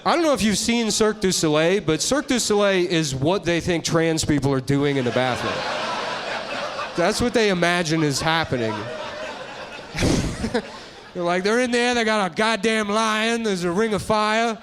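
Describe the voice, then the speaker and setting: A man doing a stand-up comedy set on stage before a live audience, talking in a crude, deadpan way and slipping into mocking voices. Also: high voice, a little slow, a crowd in the background, noisy background.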